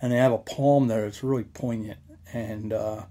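A man's voice: fairly low pitch, fairly even intonation, moderate pace, dark tone. A young man, rambling casually with many fillers as a local history vlogger. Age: young adult.

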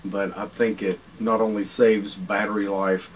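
A man hosting a survival vlog, explaining his gear in a practical, unhurried way with many pauses while he chews food. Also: fairly low pitch, level tone. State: talking while chewing food. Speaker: survival channel host. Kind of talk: casual explanatory vlog talk. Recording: distant mic with faint background noise.

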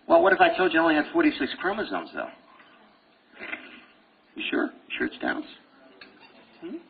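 A middle-aged man giving a live medical lecture, joking and telling stories to his students in a lecture hall. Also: medium pitch. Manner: animated, jokey storytelling with laughs. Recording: dull lo-fi lecture-hall recording with faint hiss.

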